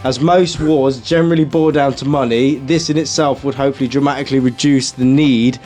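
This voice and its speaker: A man's voice: medium pitch, fairly even intonation, brisk, a little mellow, faint music behind. A man co-hosting a comedy podcast, reading out a plan and then bantering and swearing with his friends. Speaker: podcast co-host. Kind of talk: casual comedic chat.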